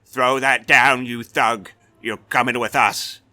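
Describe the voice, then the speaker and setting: A man voicing a frightened male town guard who yells in a trembling voice. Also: medium pitch, fairly even intonation, takes it slowly, no echo, voice pushed up. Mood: frightened anger. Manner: yelling with a trembling voice.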